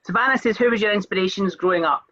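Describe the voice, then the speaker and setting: A man's voice: sits high, rapid-fire, sharp tone, highs cut off. A man hosting a casual interview, reading out viewer questions and encouraging his guest over a video call. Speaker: interview host.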